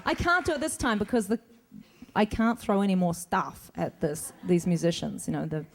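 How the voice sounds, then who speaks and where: A woman's voice: fairly low pitch, moderate pace. A middle-aged woman answering fan questions on a convention stage in a chatty, rambling way, laughing often. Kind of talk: casual stage Q&A. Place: convention stage before an audience.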